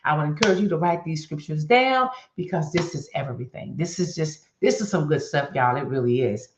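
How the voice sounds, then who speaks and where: A woman hosting a faith-based wellness stream, talking straight to her viewers and coaching them through an exercise in a lively, animated way. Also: low voice, fairly quick, echoey room, highs cut off, a little hiss or hum. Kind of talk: live-stream coaching talk.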